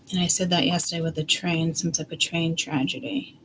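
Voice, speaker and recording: A woman's voice: low-pitched, bright, forceful tone, a little hiss or hum, low-quality recording. Chatty, blunt middle-aged woman reading tarot. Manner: chatty and blunt, swears freely. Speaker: psychic tarot reader. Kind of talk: casual rambling intuitive reading.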